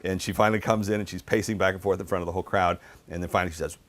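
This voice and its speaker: A middle-aged man giving a book talk, telling casual, animated anecdotes with lots of fillers. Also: low voice, rapid-fire. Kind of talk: storytelling talk.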